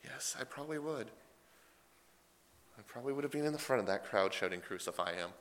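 A male preacher delivering a sermon with a gravelly, crackling edge. His tone is bright and forward. He retells scripture in loose, everyday paraphrase, with plenty of animation. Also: mid-range voice, a little fast.

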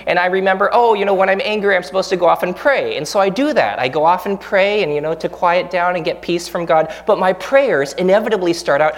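A man in his thirties, a pastor giving a sermon in a relaxed, conversational way, joking at his own expense and acting out the prayers he quotes. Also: high voice, brisk, few pauses. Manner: conversational, self-deprecating, acts out quoted prayers.

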